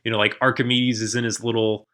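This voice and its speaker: Podcast co-host, male, bright and forceful tone, enthusiastic and rambling. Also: mid-range voice, level tone, fast. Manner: enthusiastic, rambling with many fillers. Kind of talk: casual podcast chat.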